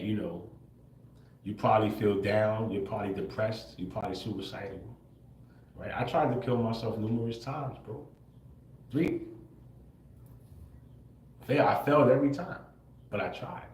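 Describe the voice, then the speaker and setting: A man with a somewhat low, slightly mellow voice hosts a livestream, speaking directly to viewers in a casual monologue. He peppers his talk with "bro" and "right?", laughs often, and swears without hesitation. Slight background noise and a roomy echo are audible.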